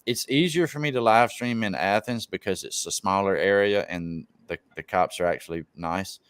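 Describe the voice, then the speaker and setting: A man's voice: sits low, moderate pace, fairly bright tone, clean tone, no room sound. A man hosting a casual live-stream chat, telling stories in a laid-back way and swearing freely. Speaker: live stream show host.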